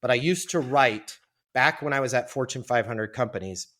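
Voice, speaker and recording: A man telling a story as a podcast guest, in a lively, animated way and acting out what people said. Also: mid-range voice, normal speed. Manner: animated, lively storyteller who acts out quotes. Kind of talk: storytelling in a casual interview.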